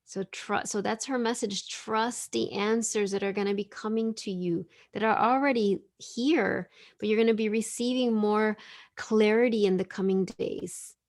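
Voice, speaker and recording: A woman's voice: medium pitch, steady tone, moderate pace, darkish tone. Effusive woman reading oracle cards. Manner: effusive, enthusiastic, gushing. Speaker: spiritual teacher hosting an online gathering. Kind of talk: casual oracle card reading to a group.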